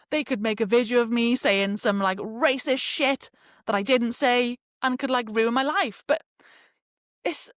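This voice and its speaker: A young adult woman hosting a casual solo podcast, talking in an animated, chatty way with lots of fillers like "like". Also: on the high side, dry recording, clean studio sound. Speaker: podcast host.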